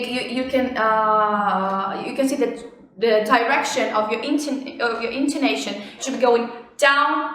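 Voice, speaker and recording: Young woman teaching, bright crisp voice, lots of restarts, tons of room echo. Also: on the high side. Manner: expressive, drawn-out demonstration syllables. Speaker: language teacher, channel host. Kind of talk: casual online language lesson. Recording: very echoey room.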